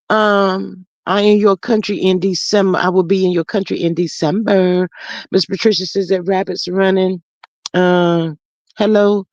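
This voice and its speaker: A woman hosting a relaxed livestream, reading out viewer comments and answering them in a warm, chatty way. Her voice sits at an ordinary middle pitch. The sound is dry and a little dull, like lo-fi home streaming audio. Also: no room sound. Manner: warm, chatty, calls viewers honey and child. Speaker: livestream host reading chat. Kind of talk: casual chat with viewers.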